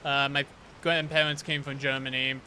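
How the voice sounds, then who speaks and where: Streaming a horror game, this Detroit, Michigan man chats with his viewers in a loose, rambling way, offering casual commentary on the gameplay. He speaks at a moderate pace in a medium pitch that barely moves, his tone sharp, with slight background noise.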